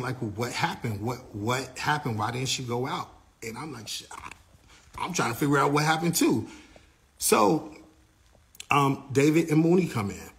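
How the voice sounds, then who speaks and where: A man recounting events as an eyewitness, telling the story in an animated first-person way and acting out what other people said. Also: mid-range voice. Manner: acts out other people's lines, grows louder and faster as the story heats up.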